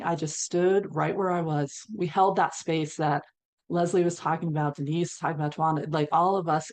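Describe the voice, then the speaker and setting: A woman on a panel telling a long healing story, acting out what people said and laughing now and then. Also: lowish voice. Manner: animated storyteller, acts out quotes, laughs between lines. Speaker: panelist, equine-assisted healer.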